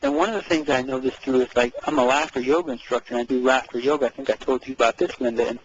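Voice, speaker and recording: Animated gravelly man on a muffled call. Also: medium pitch, fast. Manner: animated, repeats words, acts out quoted speech. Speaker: co-host. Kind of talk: casual conversational chat.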